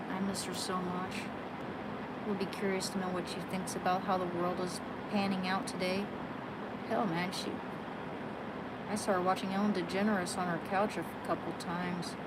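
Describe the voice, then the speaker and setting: Rambling woman on a noisy livestream. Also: lowish voice. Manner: rambling, self-deprecating, trails off and restarts. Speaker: livestream host. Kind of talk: casual livestream chat. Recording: loud background noise.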